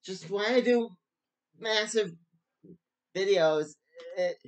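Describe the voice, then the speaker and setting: A man with a slightly high voice talks slowly through a casual book review. He rambles and keeps stopping to restart his sentences. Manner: rambling, stop-start with many restarts.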